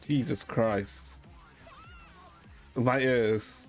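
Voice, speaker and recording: A man streaming and chatting casually with a deadpan manner, swearing often. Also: fairly high pitch, normal speed, soft background music.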